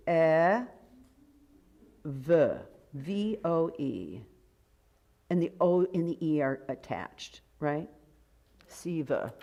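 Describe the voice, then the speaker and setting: An older woman directing a choir rehearsal, coaching briskly and warmly, sometimes singing lines to demonstrate. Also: sits low. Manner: brisk, encouraging, gives sung demonstrations. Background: choir and piano music.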